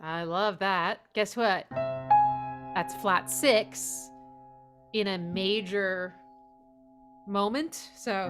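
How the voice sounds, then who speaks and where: A woman's voice: medium pitch, very slow, long pauses. Enthusiastic woman reviewing a song. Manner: enthusiastic, warm praise, hums melodies along. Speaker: music teacher giving song feedback. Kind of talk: casual spoken critique over playback. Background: music playing.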